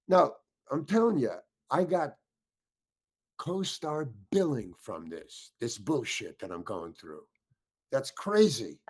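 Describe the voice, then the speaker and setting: Brief: older male actor as interview guest, lively swooping delivery, restless restarts, heated storytelling. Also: mid-range voice, unhurried. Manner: animated, stammering restarts, acts out voices in his story. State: getting worked up.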